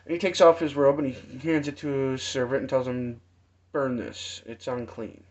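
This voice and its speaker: A man preaching informally, retelling a parable in a halting storytelling manner with many restarts. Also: mid-range voice, steady tone, a little mellow. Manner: slow, halting storytelling with restarts and acted quotes. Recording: dull lo-fi sound.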